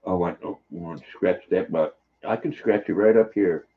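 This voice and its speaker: In a dull lo-fi recording, an older livestream host rambles folksily through viewer comments while chatting casually. He talks at normal speed in a low-pitched, slightly rough voice.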